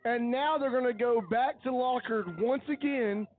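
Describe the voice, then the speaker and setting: A man giving coach-like color commentary on a high school football game, earnest and openly emotional as he breaks down each play. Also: normal speed, dry recording, narrow, tinny audio. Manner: analytical, coach-like breakdowns of plays.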